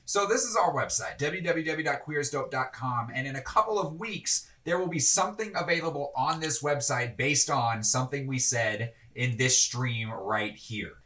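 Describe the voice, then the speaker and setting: A man co-hosting a gaming stream, talking in a relaxed way. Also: medium pitch, moderate pace, few pauses. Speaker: co-host. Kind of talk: casual chat while gaming. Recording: distant mic.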